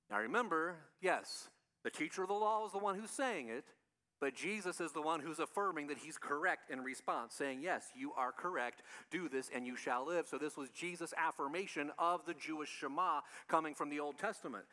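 A man preaches to his congregation in a loose, conversational way and keeps putting questions to them. His voice sits a little high and sounds bright and forceful. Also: expressive, normal speed. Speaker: pastor. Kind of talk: sermon.

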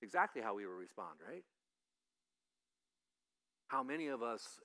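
A male pastor giving a conversational sermon, lively and acting out the voices he quotes. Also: mid-range voice, unhurried, long pauses. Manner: animated, acts out quoted voices.

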